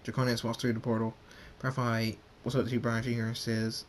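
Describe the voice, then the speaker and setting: A man of middling pitch reads a homemade story aloud, stumbling and restarting over words. His voice is plain, with a faint hiss beneath it. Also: completely flat delivery. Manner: halting, with restarts and slips. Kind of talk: reading homemade fan fiction aloud.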